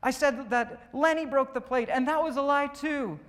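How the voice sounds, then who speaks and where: A man voicing a young cartoon asparagus boy in a high, worked-up, confessing voice, heard in a reverberant hall. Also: moderate pace, fairly bright tone.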